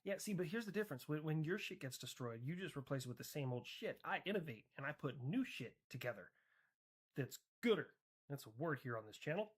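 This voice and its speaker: A man's voice: a little high, animated, a little fast, slightly rough. A man streaming comedic role-play chat, talking in a sarcastic, profane, rambling way.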